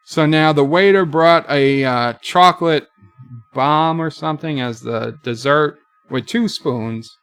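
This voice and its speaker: A man recapping a TV episode live, retelling the dialogue slowly with occasional comments of his own. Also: on the high side, a bit bright, clean tone, no room sound, faint music behind. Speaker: video reviewer. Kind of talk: live watch-along recap.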